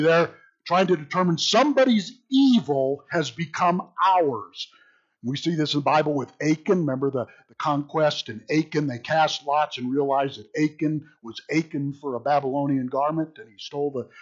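A man teaching an informal Bible study in an animated, joking way, often repeating words as he thinks. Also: on the high side, normal speed, highs cut off.

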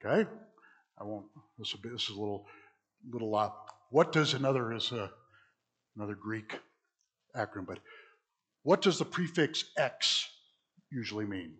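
A man's voice: fairly low pitch, expressive, moderate pace, long pauses, a bit bright, husky. A man preaching in an interactive Bible class, talking conversationally, asking the audience questions and often restarting his sentences. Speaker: preacher teaching a church class.

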